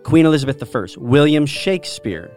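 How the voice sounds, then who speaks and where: A man's voice: on the high side, animated, a little fast, a little mellow, soft background music. A man with a British accent, chatting casually as he explains a topic to friends and asking them questions along the way. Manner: enthusiastic, lecturing, asks the others questions. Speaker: host explaining the history of English.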